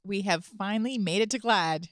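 A woman's voice: mid-range voice, moderate pace, no echo. A woman with a mid-range voice co-hosting a casual podcast. She chimes in often with agreement and a playful, teasing edge. Her voice sounds close and dry. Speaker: podcast co-host. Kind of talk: casual conversational podcast chat.

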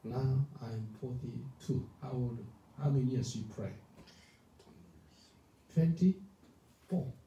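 A male pastor preaching a sermon, emphatic and animated, often asking the congregation whether they understand. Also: mid-range voice, slow pace, long pauses, highs cut off. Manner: animated, emphatic, calls for responses. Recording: echoey room from far off, faint noise.

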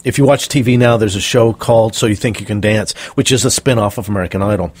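A middle-aged performance coach tells stories in an interview, speaking quickly in a fairly low, slightly rough voice with no room sound. He's animated, acting out the voices of the people he quotes.

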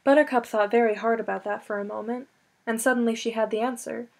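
A woman narrating an audiobook in an expressive way, slowing down on emotional lines. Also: a little high, vocal fry. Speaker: audiobook reader.

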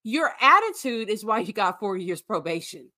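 A woman's voice: medium pitch, big pitch swings, moderate pace, sharp tone. A woman guest on a podcast, chatting casually with blunt, sarcastic commentary. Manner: blunt, sarcastic trash-talk. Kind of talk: casual recap chat.

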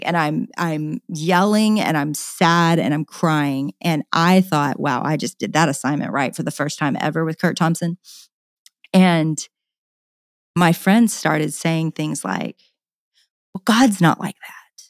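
A middle-aged woman with a low voice speaks unhurriedly as a podcast guest, sharing a personal story candidly, earnestly, and passionately while frequently repeating words. The studio sound is clean, with no room sound.

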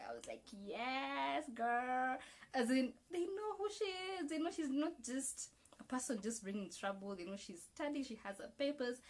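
A woman with a Kenyan accent giving casual, opinionated commentary on the week's news as a vlogger, expressive and slipping into Swahili phrases. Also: a little high.

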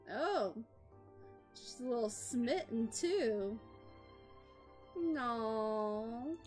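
A woman casually commentating a life-simulation game, chatty and reading out in-game actions as she plays. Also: on the high side. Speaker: gameplay host. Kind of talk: casual let's-play commentary.

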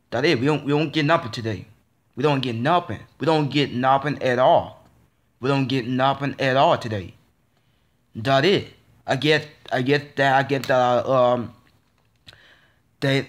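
A man vlogging a frustrated, casual rant, repeating himself and stammering through restarts. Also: medium pitch. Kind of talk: ranting casual monologue.

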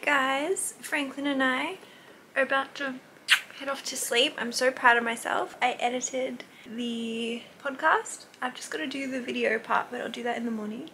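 A woman's voice: fairly high pitch, vocal fry, fairly bright tone, a little hiss or hum. A young Australian woman chatting candidly to camera in a casual vlog, swearing now and then. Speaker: vlogger.

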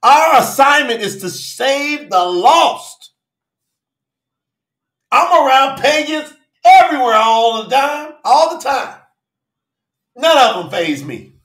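Preaching slowly and pausing often, this channel host gives a fervent livestream sermon in a high, bright voice that swoops up and down. He frequently shouts and names his viewers directly, all within a roomy echo.

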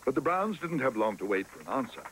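A man narrating a storybook cartoon in a gentle, expressive reading style. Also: mid-range voice, quick pace, slight background noise, rough recording.

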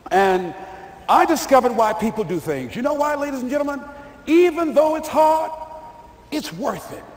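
High-voiced, animated male motivational speaker. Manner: emphatic storyteller, repeats his points. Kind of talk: motivational speech. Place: large hall before an audience. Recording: echoey hall reverb, faint noise.

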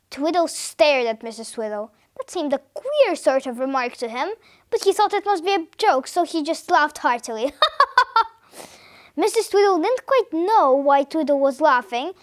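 A woman reading a children's story aloud in a lively, expressive way. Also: sits high, moderate pace. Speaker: story reader.

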